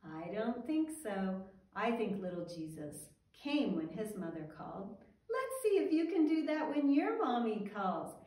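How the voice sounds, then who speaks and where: A woman teaching a Sabbath school class for toddlers, talking in a gentle, sing-song way as she tells a story and coaxes the children. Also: medium pitch, sing-song, measured pace. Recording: roomy echo, mic at a distance, faint music.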